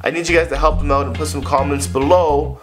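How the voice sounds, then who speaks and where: A man's voice: fairly high pitch, fairly even intonation, brisk. A man hosting a casual video Q&A, talking in a loose, playful, chatty way. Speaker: vlogger giving hair advice. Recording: guitar music playing behind.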